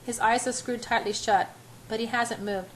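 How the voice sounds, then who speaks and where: A woman's voice: a little high, fairly even intonation, normal speed, a little hiss or hum, rough recording. Woman reading a romance novel aloud. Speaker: audiobook reader.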